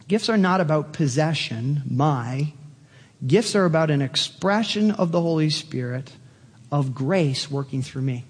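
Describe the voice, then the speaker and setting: A man delivers a sermon from the pulpit, his voice pitched high and bright. He preaches with animated energy, pushing up to excited peaks. The sound carries a long church-hall reverb behind it. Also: breathy edge. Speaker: pastor.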